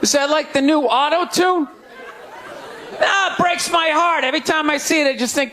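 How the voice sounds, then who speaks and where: A male stand-up comedian on a club stage, ranting loudly and incredulously into a handheld mic. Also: very high-pitched, moderate pace, crowd noise, noisy background.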